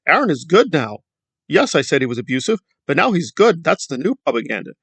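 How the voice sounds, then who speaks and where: A huffy, self-righteous woman, raised and scolding, as a man sarcastically mimics her. His gravelly edge shows through, and the sound is dry. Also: a little high, very animated, a little fast, fairly bright tone, no echo, full character voice. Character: indignant woman, mocked in parody.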